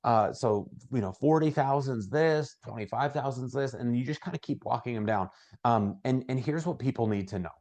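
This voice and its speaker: A middle-aged man leads a casual sales training, speaking conversationally at a moderate pace and medium pitch. He acts out client conversations in a brighter voice.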